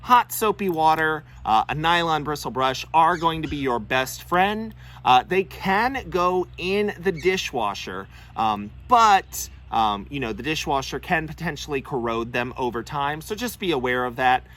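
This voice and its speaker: A man's voice: on the high side, lively intonation, unhurried, a bit bright. A young man hosting an instructional vlog on parrot keeping, explaining earnestly with frequent "uh" fillers. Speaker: bird-keeping video host.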